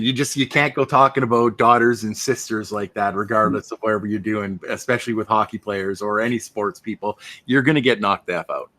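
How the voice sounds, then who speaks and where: A man talks through favorite film scenes as a podcast co-host, animated and conversational at a middle pitch. His voice sits dry and close, with almost no room sound. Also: no echo. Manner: animated, acts out film dialogue with laughs. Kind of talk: casual film discussion.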